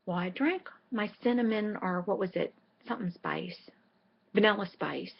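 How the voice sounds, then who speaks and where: A woman's voice: mid-range voice, moderate pace, vocal fry, husky, highs cut off. A middle-aged woman vlogging in a casual, rambling way, telling a chatty story full of asides. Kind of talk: casual chat.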